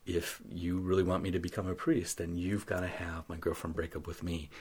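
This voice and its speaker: Interview guest, male, deep husky voice, earnest storyteller who acts out dialogue. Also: completely flat delivery, a little fast, darkish tone. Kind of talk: telling a personal faith story.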